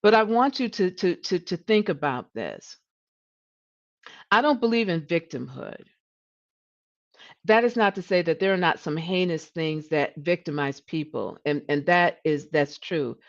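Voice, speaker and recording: A woman hosting a coaching livestream. She talks in an animated way, often restarts and repeats words, and her voice rises when she gets passionate. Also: sits low, dull audio. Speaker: leadership coach and livestream host. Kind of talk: coaching talk.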